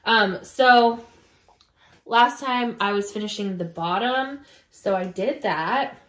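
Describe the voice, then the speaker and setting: A woman co-hosting a casual podcast, calmly walking through her knitting step by step. Her voice is mid-pitched, and the room around her has a noticeable echo. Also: takes it slowly. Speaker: podcast co-host. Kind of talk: casual chat about knitting.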